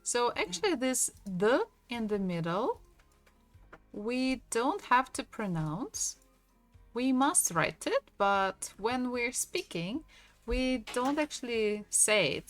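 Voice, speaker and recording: A woman teaching a language lesson, patiently repeating each word slowly for her students. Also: fairly high pitch, very animated, soft background music.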